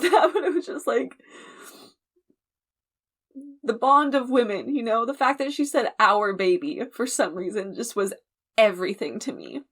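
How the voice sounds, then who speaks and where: Young female reaction host, a bit high-pitched, chatty and expressive, laughs a lot. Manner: animated and emotional, laughs often, speeds up for sign-off. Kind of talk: casual reaction commentary.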